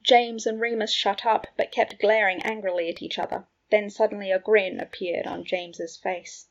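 Breathy woman reading a story. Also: medium pitch, steady tone, normal speed. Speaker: narrator. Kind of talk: fan fiction audiobook reading. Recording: dull lo-fi recording.

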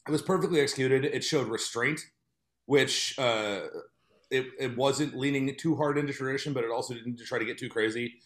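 A man's voice: medium pitch, normal speed. A man telling a funny story in casual chat, laughing often as he talks. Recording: echoey room.

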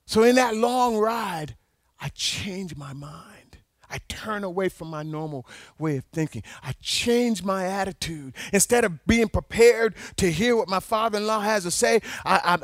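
A man preaching a sermon, telling a personal story in an animated way and at times breaking into shouts. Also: sits high, dry recording.

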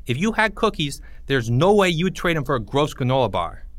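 A man voicing a chubby, stubborn fifth-grade boy who talks indignantly and taunts in a shrill voice. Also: very animated, fairly quick, no room sound.

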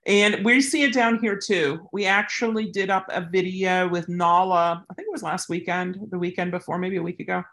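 A woman's voice: fairly low pitch, fairly even intonation, moderate pace, hardly any pauses, fairly bright tone. A woman who handles service dogs, answering a viewer's question in a casual, rambling way with plenty of tangents. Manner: rambling, goes off on tangents, chatty. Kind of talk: casual advice vlog.

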